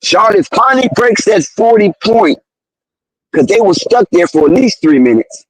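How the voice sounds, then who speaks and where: A very high-voiced man calls a basketball game play by play, excitable and slangy. He keeps protesting the referees. His voice is dry and close, with no room sound. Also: moderate pace, dry recording, rough recording. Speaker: live game commentator. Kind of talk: fan play-by-play commentary.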